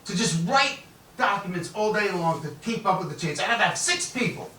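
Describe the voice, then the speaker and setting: An exasperated tall collections manager acted out by a man who keeps repeating his complaint. His voice is bright and fairly high. It is heard in an echoey hall from a mic set a little way off. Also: expressive, fairly quick, recorded from a distance, a little hiss or hum.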